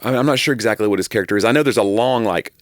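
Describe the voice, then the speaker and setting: A man's voice: on the low side, racing, no echo, clean studio sound. A man co-hosting a podcast, rambling through stories in casual chat with a self-deprecating streak. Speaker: podcast co-host.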